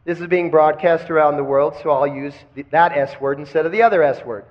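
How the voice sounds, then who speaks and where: A man's voice: fairly high pitch, a little fast. A man teaching kundalini yoga in a live lecture, asking the class questions and having them repeat phrases back. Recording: dull lo-fi recording.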